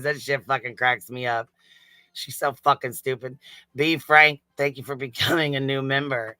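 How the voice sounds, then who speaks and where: A man's voice: mid-range voice, fairly even intonation, unhurried, pauses often, pushed and bright, clear, resonant tone, no room sound. A man hosting a casual livestream, swearing freely, giggling and thanking chat members. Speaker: livestream host.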